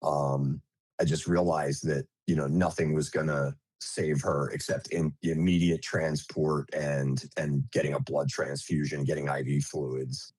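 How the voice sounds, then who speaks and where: Very deep husky man, halting. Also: flat delivery, a little mellow, no echo. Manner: halting, many fillers and restarts. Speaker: nurse, interview guest. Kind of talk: recounting an emergency in an interview.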